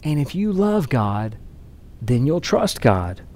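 A man's voice: mid-range voice, very animated, takes it slowly, warm tone. Earnest man preaching a sermon. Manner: earnest storytelling with repeated words. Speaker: pastor.

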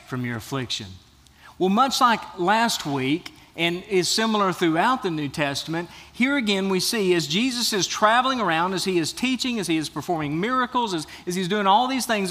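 A male pastor delivers a sermon with an earnest, searching manner, often stumbling over and repeating words as he builds each point. His voice sits noticeably high for a man. It carries a long reverberant tail, as if it is filling a church hall. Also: pushed and bright. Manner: earnest preaching with frequent restarts and repeated words. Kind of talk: sermon with scripture reading.

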